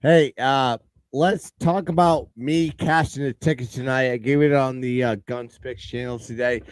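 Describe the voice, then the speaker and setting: A man co-hosting a live sports betting stream, joking crudely and breaking into excited outbursts. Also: mid-range voice, moderate pace, clear, resonant tone, no room sound. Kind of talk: casual banter on a live stream.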